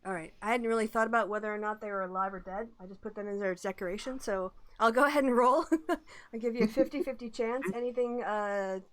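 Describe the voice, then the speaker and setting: A woman narrating a tabletop game as its game master, voice sitting fairly high. She talks in a chatty way and laughs often. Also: quick pace.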